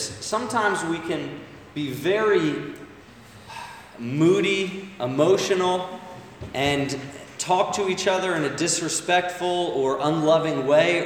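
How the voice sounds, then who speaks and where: A man's voice: a little high, slight background noise. A man preaching a sermon in a conversational way, often asking the congregation "right?", with listeners calling back. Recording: echoey hall, voice from far off.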